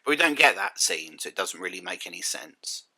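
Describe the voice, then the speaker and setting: A man delivers a spoken critique in a sardonic, exasperated tone, piling up rhetorical questions. His voice is fairly low yet very bright and cutting. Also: very animated, brisk. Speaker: critic and reviewer. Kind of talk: spoken review commentary.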